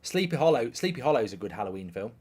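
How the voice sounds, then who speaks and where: A man in his thirties hosts a live football watchalong, chatting loosely between moments of play. He reads viewer questions aloud and answers them in a dry, offhand manner. His voice sits in a middle pitch. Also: very animated, very fast, darkish tone, breathy edge. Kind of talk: casual live-stream chat reading comments.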